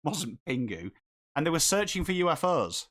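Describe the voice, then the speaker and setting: Slightly high and a bit bright, with big pitch swings and a moderate pace, this man from England hosts a live footy watchalong. He chats casually, picks up viewers' comments to answer them, and reacts to the game while calling the play.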